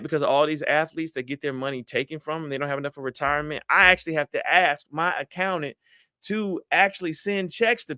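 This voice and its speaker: A middle-aged man, giving lively motivational advice to an audience and acting out voices. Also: fairly high pitch, clean tone, no echo, clean studio sound. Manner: animated, acts out quoted voices, addresses audience as y'all. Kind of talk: motivational talk to a live audience.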